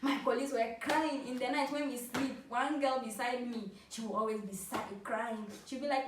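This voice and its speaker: A Ghanaian woman in her twenties telling funny personal stories to camera in a playful, animated way, laughing often. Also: high-pitched, normal speed, few pauses, background noise. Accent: Ghanaian English. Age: 20s. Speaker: vlogger. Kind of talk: casual storytelling to camera. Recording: roomy, from a distance.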